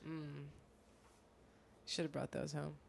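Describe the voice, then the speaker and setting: A woman co-hosting a casual podcast, laid-back and quick with quips. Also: sits low, monotone, gravelly, noisy background. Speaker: podcast co-host.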